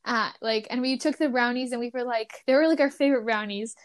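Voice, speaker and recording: A young woman hosting a podcast, telling a childhood story in casual chat, animated and full of fillers. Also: fairly high pitch, fast talker, clear, resonant tone. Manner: animated, many fillers, laughs while telling. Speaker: podcast host.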